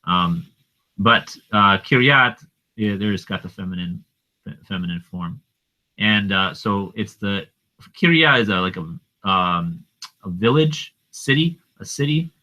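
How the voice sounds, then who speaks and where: A man walks through a Hebrew scripture passage word by word, pausing and restarting as he explains its grammar. His voice sits fairly low yet sounds strongly bright and sharp. He reads the verses slowly and deliberately. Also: expressive, lo-fi sound. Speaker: Hebrew Bible teacher. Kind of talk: explaining grammar of a text line by line.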